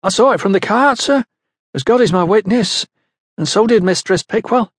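A man's voice: high-pitched, moderate pace, dry recording, studio quality, pitched above the performer's own voice. A man voicing a breathless young farm girl who urgently pleads with her foreman.

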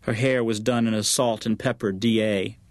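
A man narrating a novel as an audiobook, in an even, measured way. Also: on the low side, no echo. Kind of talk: scripted narration.

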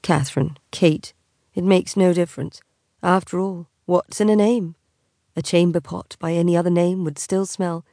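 A woman voicing a teasing, insolent young aristocratic husband in a slow, drawling, mocking manner. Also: on the low side, fairly even intonation, mellow, dry recording, clean studio sound, lightly acted.

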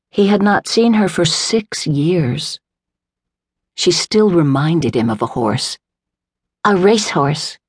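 A woman reading a literary novel aloud in a measured, unhurried way, voicing the characters lightly. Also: extremely low pitch, a little mellow, breathy edge, dry recording, studio quality. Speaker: audiobook narrator. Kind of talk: scripted narration. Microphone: close studio mic, dry.

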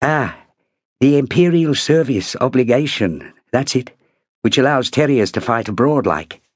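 A man's voice: medium pitch, animated, measured pace, slightly rough, no echo, voice pushed up. A male narrator playing an earnest, slightly hesitant young soldier in a raised voice. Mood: explaining. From Birmingham.

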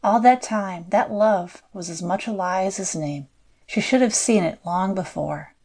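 Measured woman audiobook narrator. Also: mid-range voice, a little mellow. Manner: measured storytelling. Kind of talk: scripted narration.

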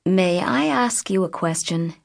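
A woman's voice: on the low side, animated, unhurried, gravelly, heavily acted. A woman voicing a tall, somber teenage boy who talks politely but gives firm commands.

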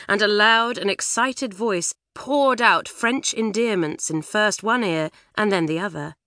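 A woman reads a children's novel aloud in a lively, expressive way. Her voice sits at a middle pitch. The studio recording is close and dry. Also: dry recording. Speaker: audiobook narrator. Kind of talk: scripted narration of a children's novel. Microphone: studio microphone.

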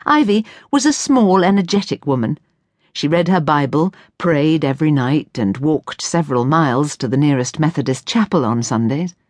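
A woman narrating an audiobook in clear, expressive storytelling. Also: low-pitched, moderate pace, no echo, studio quality. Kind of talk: scripted narration. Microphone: close studio mic.

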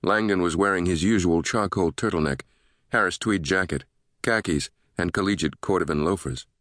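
A man narrating a thriller audiobook in a steady, measured way. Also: sits low, no echo, studio quality.

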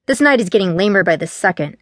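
A woman's voice: medium pitch, animated, fast talker, fairly bright tone, no echo, close to an everyday voice. A woman reading an audiobook voices a careless, teasing teenage boy in a voice close to her own. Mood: rattled. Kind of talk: audiobook character voice.

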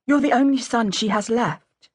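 A woman voicing a gentle young gentlewoman who speaks softly and pleadingly. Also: a little high, normal speed, slightly rough, no room sound, voice pushed up. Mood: tender.

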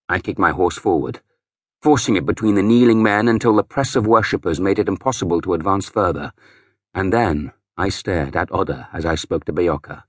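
A man's voice: low voice, a little fast, slightly rough, dry recording, studio quality. A man narrating a historical novel in the first person with grave, dramatic delivery. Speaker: audiobook narrator.

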